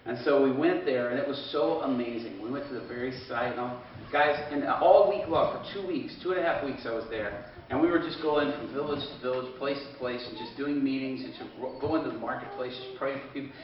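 A man's voice: medium pitch, fairly quick, slight background noise. A man preaching in a conversational storytelling way, often quoting others with "he goes", in a large hall. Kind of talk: storytelling sermon. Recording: echoey, distant, dull hall sound.

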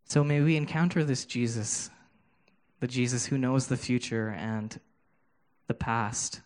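A man giving a sermon with a personal testimony, earnest and halting, often restarting his words, speaking into a handheld microphone. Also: medium pitch, darkish tone. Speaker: preacher.

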